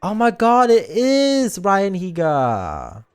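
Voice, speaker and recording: Streamer dude reacting to a game, kinda high voice, all over the place, gasps a lot. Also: male voice, slow pace, clear, resonant tone. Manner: excitable, gasping, swings between squeals and sighs. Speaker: VTuber streamer. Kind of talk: live game reaction, reading dialogue aloud.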